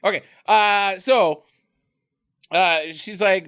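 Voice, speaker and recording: A man's voice: high voice, takes it slowly, pauses often, a bit bright, clear, resonant tone. A man co-hosting a comedic movie-review podcast, joking around and slipping into silly voices. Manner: jokey, slips into silly voices and hums tunes. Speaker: podcast co-host.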